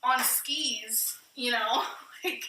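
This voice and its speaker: A woman's voice: on the high side, very slow, roomy sound, noisy background. A woman talking candidly while cooking in a vlog, out of breath and self-mocking. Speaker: vlogger in a played clip.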